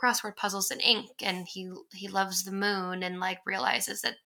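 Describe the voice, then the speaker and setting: A young woman talks over a movie she loves in a casual podcast chat. Her voice is very bright and sharp, with a gravelly fry at the bottom of it. She is chatty and fills her sentences with "like.". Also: medium pitch, steady tone, moderate pace, poor audio. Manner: chatty, lots of "like" fillers, acts out quoted lines.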